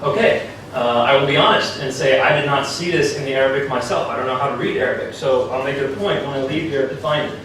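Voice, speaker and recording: A man giving a formal debate speech, arguing and citing sources one after another, with his pitch jumping up on key points. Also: fairly bright tone, a little hiss or hum. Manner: argumentative, citing sources in quick succession. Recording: echoey hall, distant mic.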